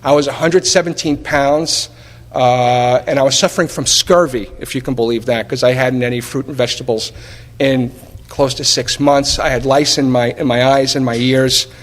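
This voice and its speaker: A man telling his personal recovery story to a live meeting, animated and wry, full of rhetorical questions and acted-out dialogue. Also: medium pitch, moderate pace. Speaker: speaker sharing at a recovery meeting. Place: meeting hall. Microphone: taped at a live meeting. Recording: reverberant hall recording.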